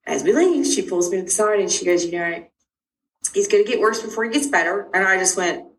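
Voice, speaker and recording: A middle-aged woman telling a personal story about her child's illness, acting out each exchange with big jumps in pitch. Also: fairly quick. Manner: animated, acts out dialogue with big pitch jumps. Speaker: parent of a sick child. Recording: roomy sound from a distant mic.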